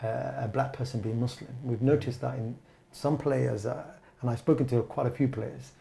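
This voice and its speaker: A male host leads a panel discussion with a gravelly, mellow voice. He asks his guests probing questions that build in layers. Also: medium pitch, fairly even intonation, moderate pace. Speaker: host, interviewer.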